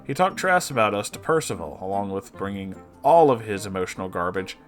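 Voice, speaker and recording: A man reading an online story aloud with expressive, sarcastic, swearing asides. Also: on the low side, brisk, soft background music. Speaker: story reader.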